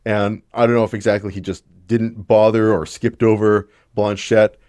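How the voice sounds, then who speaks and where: A man's voice: fairly low pitch, flat delivery, normal speed, darkish tone, no room sound. A young man hosting his own show, giving opinionated, conversational political commentary with a blunt edge. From Canada.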